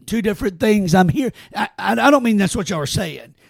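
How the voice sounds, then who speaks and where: High raspy guy, emphatic and blunt, co-hosting a sports podcast. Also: expressive, a little fast, no room sound, studio quality. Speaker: podcast co-host. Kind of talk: casual sports chat.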